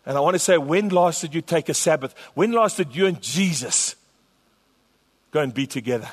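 A man's voice: a little high, expressive, normal speed, breathy edge. A man pastor preaching a sermon to his church, emphatic and repetitive. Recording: long hall reverb.

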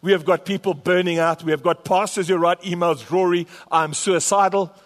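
A man's voice: high voice, steady tone, moderate pace. Pastor guy preaching, repeats himself for emphasis, big echoey church. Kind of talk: sermon. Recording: long hall reverb.

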